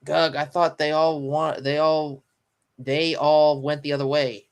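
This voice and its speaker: A sleepy, yawning man doing a casual live read-through and reaction, pausing often with ums and restarts. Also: a little high, level tone, clean tone. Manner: halting, stops often with ums and restarts while reading. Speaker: live manga reaction streamer.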